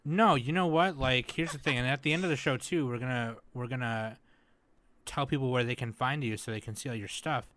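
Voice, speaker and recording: A man hosting a casual podcast chat, joking around and loudly scolding his co-hosts in jest before getting to the topic. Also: medium pitch, a little fast. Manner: joking, loud mock scolding. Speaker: podcast host.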